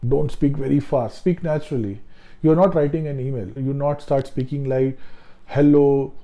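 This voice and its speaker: Very dark-voiced man giving casual exam tips. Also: a little high, low-quality recording. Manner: conversational, repeats himself, many fillers. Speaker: test-prep tutor. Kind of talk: casual instructional talk.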